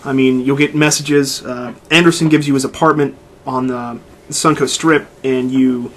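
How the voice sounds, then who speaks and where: A man's voice: mid-range voice, moderate pace. A man co-hosting a podcast, chatting casually and retelling a video game at length with lots of restarts. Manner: rambling, animated retelling of a game. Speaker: podcast co-host. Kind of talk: casual chat.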